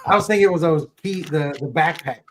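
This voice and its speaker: A man's voice: on the high side, fast. A man co-hosting a casual podcast chat, easygoing and joking. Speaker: co-host.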